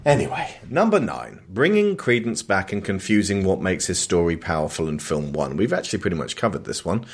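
Low-voiced man rambling about films. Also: very animated, slightly rough. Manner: rambling, jokey, quick asides. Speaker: podcast co-host. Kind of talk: casual film discussion.

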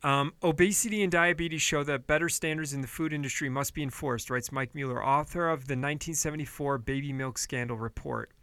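A fired-up male podcast host with a bright, forceful voice who swears freely. He rails at his listeners, then pulls back to a calmer, apologetic tone. The sound is close and dry, with no room around it. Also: a little high, a little fast, few pauses, clear, resonant tone, no room sound. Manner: heated, profane, swings between yelling and apologetic quiet. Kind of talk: ranting political commentary podcast.

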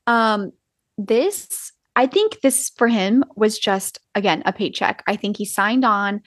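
A woman's voice: mid-range voice, slow pace, dry recording. Casual female podcast co-host, frank and chatty, mid-range voice, dry close sound. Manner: blunt, swears freely, lots of "like". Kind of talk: casual chat.

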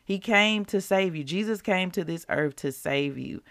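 A woman's voice: lowish voice, normal speed, a bit bright, dry recording, clean studio sound. A woman hosting a devotional podcast, chatting casually and asking the listeners rhetorical questions.

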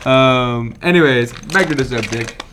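A man's voice: medium pitch, measured pace, fairly bright tone. A young man hosting a casual late-night chat with friends, joking, swearing and laughing as he talks. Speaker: podcast host. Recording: faint background noise.

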